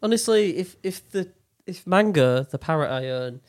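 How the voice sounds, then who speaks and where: Sweary, laughing podcast host. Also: male voice, high voice, lively intonation, normal speed, dry recording, clean studio sound. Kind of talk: casual banter.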